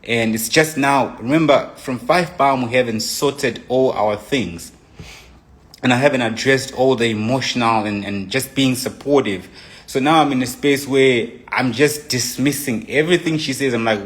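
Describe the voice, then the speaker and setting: Young man, casual storytelling, rambling restarts, frequent asides, medium pitch. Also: moderate pace. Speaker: boyfriend telling his side of a relationship story.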